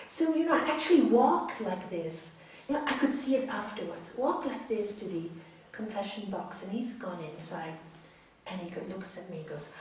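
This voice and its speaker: A woman's voice: fairly high pitch, expressive, normal speed. A woman yoga teacher giving an emphatic spiritual talk, repeating phrases and checking in with her listeners. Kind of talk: spiritual talk answering audience questions. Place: large hall. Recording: echoey hall, mic far off.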